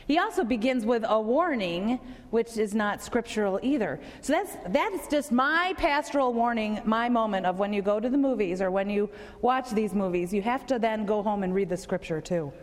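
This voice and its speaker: A woman's voice: mid-range voice, lively intonation, normal speed. Woman pastor preaching in an echoing church. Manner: conversational, asks the congregation questions. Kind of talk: sermon.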